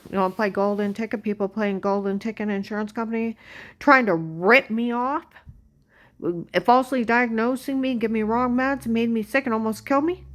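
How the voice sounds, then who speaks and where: A woman giving an agitated personal monologue, ranting and swinging between loud outbursts and hushed whispers. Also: on the high side, fairly even intonation, moderate pace.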